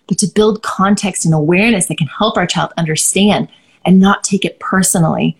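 A woman's voice: on the low side, brisk, creaky, husky. A woman co-hosting a parenting podcast, explaining ideas in a thoughtful, casual advice chat.

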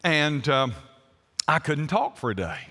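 A man's voice: on the high side, sing-song, a little slow, bright, forceful tone, long reverb tail. A male pastor, preaching an emphatic, story-driven sermon in a church.

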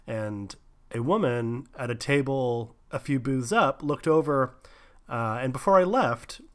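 A man's voice: mid-range voice, a little slow. A man hosting a radio show, telling a story in a rambling, laid-back way. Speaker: radio host. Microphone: studio radio mic.

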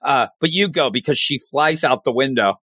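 Lively, bright-voiced man recapping a cartoon. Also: medium pitch, moderate pace, husky, no echo. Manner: animated, laughing, acts out quotes. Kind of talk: casual chat recapping an episode.

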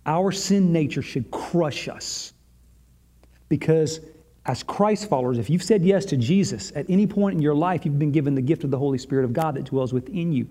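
A male pastor giving a sermon, retelling a scene dramatically with long pauses and repetition. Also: a little high, warm tone.

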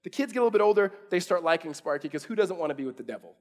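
A man's voice: sits high, animated, rapid-fire. A man, preaching a sermon in a casual storytelling way, full of restarts and fillers. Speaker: pastor.

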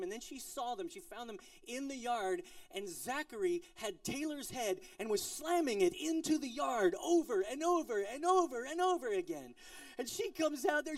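A middle-aged male pastor giving a sermon in a casual, storytelling way, with playful asides and moments of quiet intensity. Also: sits high. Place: church service in an office building.

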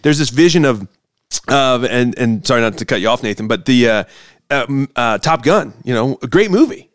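A man hosting a casual conversation, animated and enthusiastic, rambling with restarts. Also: medium pitch, normal speed, smooth, no echo, studio quality.

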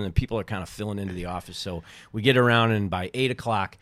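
A man's voice: fairly low pitch, fast, fairly bright tone, dry recording. A middle-aged man telling stories in a casual podcast chat, laughing often and acting out the people he quotes. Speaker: podcast guest, former baseball team co-owner.

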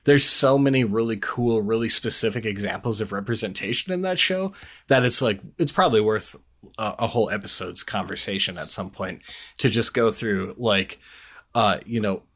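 Rambling, low-voiced man on a podcast. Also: moderate pace, fairly bright tone. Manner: rambling, laughs easily. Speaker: podcast co-host. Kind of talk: casual podcast chat.

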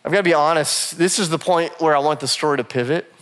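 A man in his thirties preaches in a church, his voice sitting a little high. He tells a story about himself in a self-deprecating way and laughs often. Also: fast talker, fairly bright tone, clean tone. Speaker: pastor. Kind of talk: sermon with personal story. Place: church auditorium.

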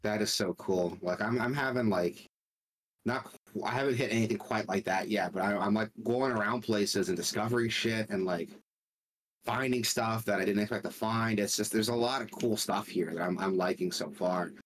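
A young man on a gaming podcast, chatting excitedly and rambling, with frequent swearing. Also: on the low side, moderate pace, rough recording. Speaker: podcast co-host. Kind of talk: casual gaming chat.

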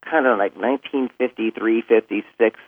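A man, a voice actor, chatting casually as a podcast guest, telling stories in an animated, joking way. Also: on the low side, moderate pace, dry recording. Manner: animated storyteller, joking and self-deprecating. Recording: tinny phone-like remote line.

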